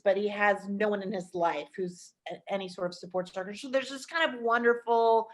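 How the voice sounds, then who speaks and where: A woman hosting a podcast, chatting enthusiastically about films with quick asides. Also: medium pitch, a bit bright. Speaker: podcast host. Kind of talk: casual film chat.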